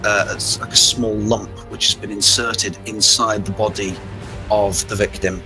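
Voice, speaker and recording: A man's voice: fairly low pitch, level tone, unhurried, over music, poor audio. A man acting as game master, explaining setting lore at length with fillers and restarts. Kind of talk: narrating a tabletop game.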